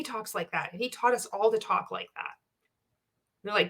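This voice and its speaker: A woman's voice: medium pitch, normal speed, fairly bright tone. A woman giving a sarcastic, profane reaction rant as a video commentator, blunt and scornful.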